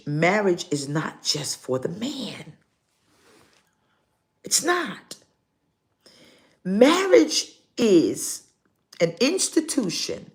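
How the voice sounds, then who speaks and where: Slow, gravelly older woman pastor preaching. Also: on the low side, darkish tone. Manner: slow, preaching with dramatic pauses and acted-out stories. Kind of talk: live-streamed sermon.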